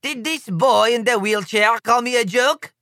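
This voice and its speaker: A man's voice: very high voice, measured pace, sharp tone, dry recording, studio quality, voice pushed up, exaggerated voice. A man voicing an outraged female diplomat who screams her offence.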